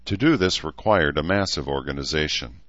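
A man reading a novel aloud as narrator in a steady, even manner. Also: a bass voice, brisk, no echo, highs cut off. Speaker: audiobook narrator. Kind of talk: scripted narration.

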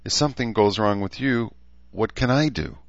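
A man's voice: on the low side, normal speed, gravelly, no room sound, muffled recording, voice pushed up. Man voicing a tense young daughter. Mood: exasperated. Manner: raised, strained, exasperated. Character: young adult woman, anxious, blunt daughter.

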